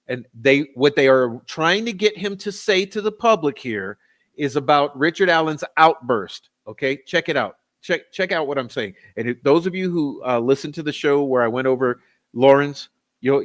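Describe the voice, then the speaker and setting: A man's voice: a little high, normal speed, a bit bright. A man giving profane, sarcastic, combative commentary on interview clips during a live stream.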